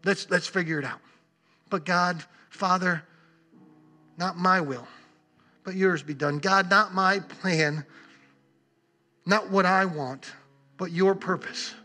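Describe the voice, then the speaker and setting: A man preaching acts out an anguished man praying, pleading and halting over repeated words. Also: high-pitched, sharp tone, soft background music, heavily acted.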